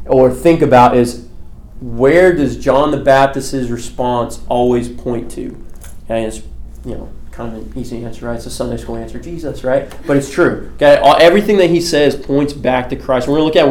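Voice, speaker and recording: A man leading a Bible study class in a relaxed way, often checking in with "okay" and asking his listeners questions. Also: medium pitch. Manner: conversational, asks questions, often says "okay". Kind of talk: casual classroom teaching. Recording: echoey room.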